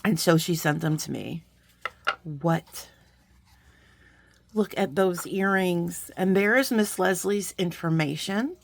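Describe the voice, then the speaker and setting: A woman hosting a beading channel, talking casually through an unboxing with bubbly, excitable asides. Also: fairly low pitch, slow pace, creaky, pauses often, a little hiss or hum.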